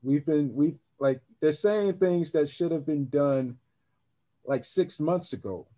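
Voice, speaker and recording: A man with a mellow, dark tone that sits a little high, talking in casual stops and starts. His speech is full of fillers as he works out his point. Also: expressive. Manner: halting, filler-heavy, casual. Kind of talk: casual chat.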